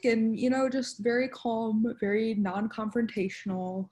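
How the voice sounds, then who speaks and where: A woman's voice: a little high, little pitch movement, a little slow, a little mellow. A young woman on a student podcast, reflectively recounting a personal change of view with frequent fillers. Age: young adult. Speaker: student panelist. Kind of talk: casual podcast discussion.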